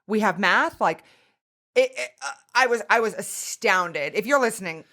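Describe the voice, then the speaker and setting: Woman, podcast co-host, casual chat, lively swooping pitch, swears a lot, lots of fillers. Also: moderate pace. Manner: animated, swears freely, many fillers.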